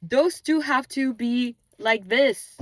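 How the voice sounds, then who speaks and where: Speaking slowly in a higher-than-average voice, this manifestation host gives a heartfelt spiritual motivational talk while walking outside. Her delivery has a repetitive, preaching cadence, and she mentions her non-native English accent, with no origin stated.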